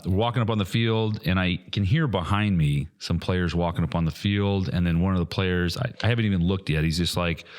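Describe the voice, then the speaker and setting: A low-voiced man holds forth on a casual podcast. He is blunt and heated, and he swears freely as he rants. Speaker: podcast co-host.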